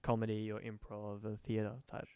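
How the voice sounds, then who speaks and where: A man's voice: on the low side, monotone, moderate pace, darkish tone, clear, resonant tone, no room sound. A young man, a student interviewing a comedian in a chatty, filler-heavy way. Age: young adult. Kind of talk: casual interview.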